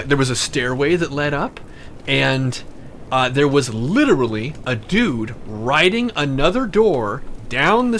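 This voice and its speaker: A young man telling a story in a casual, animated way, full of fillers and restarts. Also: mid-range voice, a little hiss or hum. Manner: animated, chatty, many fillers.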